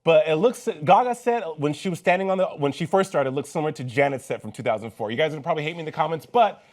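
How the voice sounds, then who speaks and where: A man's voice: a little high, animated, very fast. A man co-hosting a pop culture talk show, chatting casually and emphatically, often restarting his sentences. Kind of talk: casual chat.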